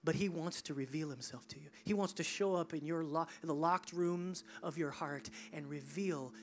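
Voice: mid-range voice, normal speed. A pastor giving an altar call in a large church during a service, shifting between intense near-whispers and rising, fervent appeals. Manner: intense, drops to near whisper, then rises.

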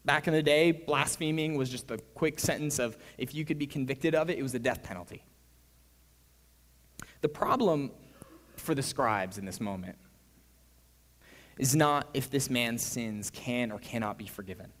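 A man preaching a sermon as pastor, animated, his voice swinging between hushed and loud. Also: medium pitch, measured pace, long pauses. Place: church. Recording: reverberant church hall.

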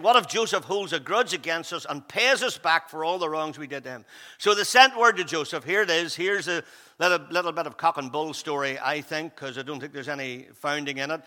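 Preaching in a hall with long reverb, this man talks to the congregation conversationally and keeps checking in with "all right?" His voice is a little high, bright, and forceful.

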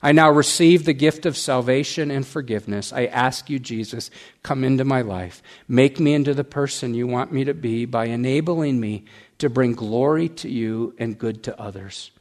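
A man preaching a sermon, reciting rhymed verse, then speaking earnestly and leading a quiet prayer. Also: mid-range voice, moderate pace. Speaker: pastor.

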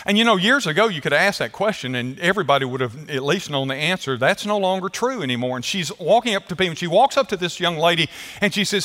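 A man's voice: sits high, expressive, quick pace, bright, forceful tone. A man preaching a sermon as pastor, emphatic, stretching out phrases and putting questions to his congregation. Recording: echoey hall.

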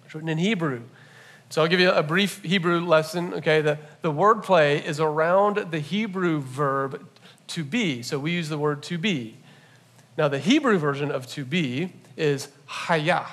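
A man with a somewhat high voice preaches a sermon to his congregation. He teaches in a relaxed, conversational way, animated and playful, often turning to the room with quick asides. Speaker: pastor. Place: church service.

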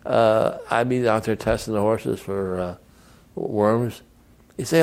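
A man's voice: medium pitch, moderate pace, gravelly, a little mellow. An older man, a veteran, telling rambling anecdotes in an oral history interview and acting out the people he quotes.

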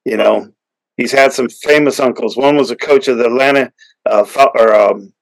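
Male podcast host, mid-pitched, chatty storyteller who keeps restarting his sentences. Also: normal speed, creaky, rough recording. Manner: rambling, many restarts and fillers, builds to excited punchlines. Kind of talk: casual storytelling interview.

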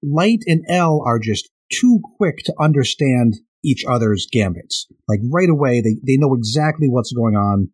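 A man with a slightly husky voice talks through a podcast discussion in a wry, thoughtful way. His pitch moves freely, and he often restarts a word before getting it out. It sounds like casual chat between co-hosts. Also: expressive, normal speed, few pauses, a little mellow. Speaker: podcast co-host.

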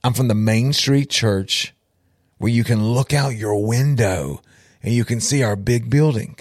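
A man's voice: medium pitch, a little slow, no echo, clean studio sound. A man, an outreach minister telling a story with emphatic repetition and direct appeals to listeners. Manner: emphatic, repeats for effect, addresses listeners directly. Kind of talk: storytelling testimony.

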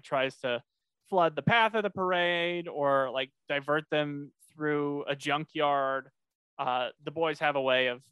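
Man co-host, bright smooth voice, rambly cartoon recap, fillers; dry close mic. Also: medium pitch, no room sound. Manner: rambling, many fillers and restarts. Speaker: podcast co-host. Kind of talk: casual chat recapping a cartoon episode.

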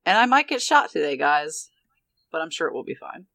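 A man at a tabletop game, talking through what his character did in a rambling, wry way with plenty of ums and you-knows. His voice sounds bright and forward, recorded close and dry. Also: a little high, sing-song, a little fast, creaky, no room sound. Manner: rambling, wry recap with many fillers. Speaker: player.

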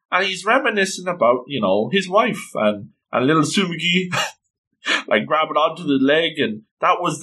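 A man casually retelling an anime episode, animated and slipping into quoted lines. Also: fairly high pitch. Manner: animated, quoting characters in passing. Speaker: anime recap commentator.

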